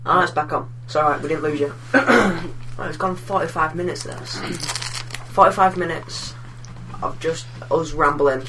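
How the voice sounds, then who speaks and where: A man's voice: on the high side, normal speed, bright, forceful tone, a little hiss or hum, low-quality recording. A man chatting on a podcast, rambling and laughing often. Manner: rambling, laughs a lot, does silly voices. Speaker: podcast co-host. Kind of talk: casual chat.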